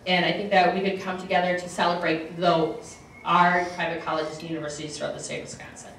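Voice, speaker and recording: A woman's voice: on the low side, fast talker. A middle-aged woman, a state representative, giving an informal lunch speech and acting out the voices in her stories. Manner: animated storytelling, acts out quoted voices. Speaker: state representative and alum speaker. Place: university event hall. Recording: echoey hall, far from the mic, faint noise.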